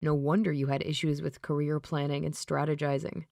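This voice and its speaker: A woman voicing a calm, reassuring young man who helps a friend. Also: low-pitched, a little fast, gravelly, no room sound, studio quality, pitched below the performer's own voice.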